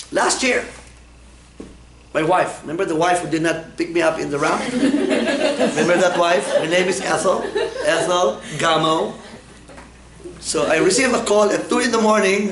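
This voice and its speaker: Male lecturer, slightly high voice, teasing and quizzing the class, echoey room with faint noise. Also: a bit bright. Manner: humorous, asks the class questions and answers them. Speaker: medical lecturer. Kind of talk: classroom lecture with personal anecdotes.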